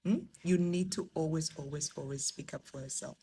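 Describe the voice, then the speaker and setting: A woman's voice: sits low, brisk, mellow, slight background noise. A young woman from Africa giving emphatic, encouraging career advice straight to her viewers in a vlog. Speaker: remote work vlogger. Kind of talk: direct-to-camera advice vlog.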